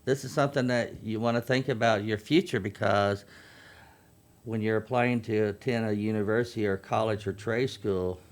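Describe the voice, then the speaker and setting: Man, 50s, veteran chaplain guest; low, earnest explainer. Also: fairly even intonation, normal speed. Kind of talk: radio interview.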